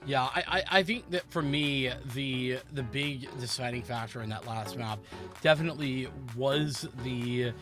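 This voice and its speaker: A man commentating a live esports match, calling the action excitedly and giving analysis. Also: medium pitch, over music. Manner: quick, excitable call of the action. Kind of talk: live play-by-play and colour commentary.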